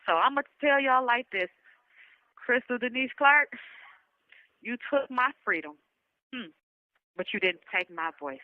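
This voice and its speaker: A woman speaks in an impassioned, rallying way, her voice close to tears as she repeats her calls to stand together. She takes her time, slow and deliberate. The recording is dry and dull, like a lo-fi phone capture. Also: fairly high pitch, lively intonation, no echo. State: emotional, near tears. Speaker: survivor giving a testimonial. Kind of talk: emotional spoken message.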